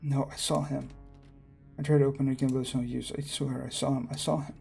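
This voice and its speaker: A man reading a visual novel aloud in the first person, dropping in quick reactions. His voice is low-toned and gravelly, with light music playing underneath. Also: little pitch movement, a little mellow. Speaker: gaming YouTuber.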